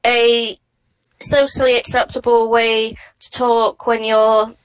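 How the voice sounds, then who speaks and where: An English woman co-hosting a podcast, talking casually and pausing to search for the right words. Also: fairly high pitch, level tone, clean tone, low-quality recording. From England. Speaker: podcast co-host.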